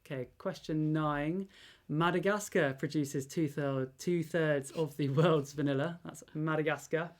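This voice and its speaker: A woman with a low voice co-hosts a relaxed quiz. She reads the answers in a deliberate, measured way. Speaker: quiz co-host. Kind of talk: casual quiz answer readout.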